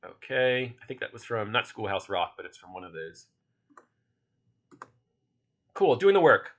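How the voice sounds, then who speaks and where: Bright-voiced man with a Philly accent. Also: mid-range voice, very animated, unhurried. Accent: Philadelphia. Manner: chatty, loose, many fillers and restarts. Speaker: workshop instructor. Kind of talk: casual online workshop talk.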